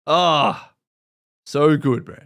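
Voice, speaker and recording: A man's voice: a little high, very slow, fairly bright tone. A man with an Australian accent hosting a live stream, chatting casually and rambling with his viewers, swearing now and then.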